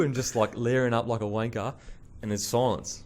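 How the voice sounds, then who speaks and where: A young Australian man hosting a podcast, telling a story in casual chat with swearing and animated delivery. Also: fairly low pitch, brisk. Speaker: podcast host.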